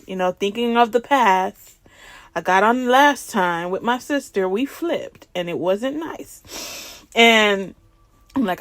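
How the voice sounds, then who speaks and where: A woman telling a personal faith testimony in a lively way, laughing and acting out the dialogue as she goes. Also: mid-range voice, slow, no echo. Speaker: ministry speaker.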